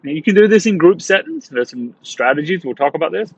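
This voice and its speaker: A man teaching sales coaching in an energetic monologue, emphatic and repetitive, talking straight to his listeners. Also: a little high, quick pace, slightly rough, no room sound, rough recording. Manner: emphatic, repeats phrases, addresses listeners as guys.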